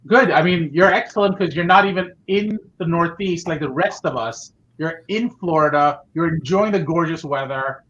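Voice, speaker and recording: A man's voice: a little high, normal speed, hardly any pauses, fairly bright tone, muffled recording. Man hosting a casual interview. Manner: many fillers and restarts, upbeat. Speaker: podcast host.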